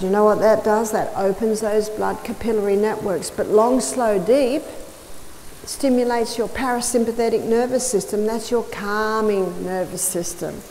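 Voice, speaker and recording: A woman's voice: mid-range voice, fairly even intonation, measured pace, darkish tone. A woman giving a health lecture to an audience, explaining step by step and telling stories with emphatic repetition. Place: large hall or church. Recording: reverberant hall with faint noise.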